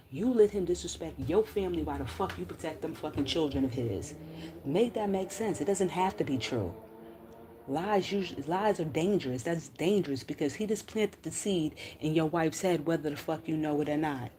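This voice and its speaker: Low-voiced woman in a heated rant. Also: mellow, a little hiss or hum. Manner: heated, profane, scolding. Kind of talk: angry direct-address rant.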